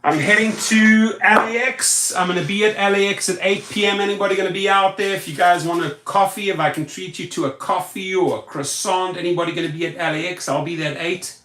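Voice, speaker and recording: Live stream host, male, pitched a bit high, emphatic and repetitive, roomy echo. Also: steady tone, quick pace, few pauses, a bit bright, a little hiss or hum. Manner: emphatic, repetitive chanting of words. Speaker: rideshare YouTube host. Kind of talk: live stream chat, reading viewer comments.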